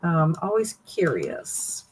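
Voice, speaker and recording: Her voice on the low side and slightly rough, a middle-aged Southern US woman takes it slowly with huge pitch swings as she chats on a live stream. She greets viewers by name and reads their comments aloud, in a low-quality recording.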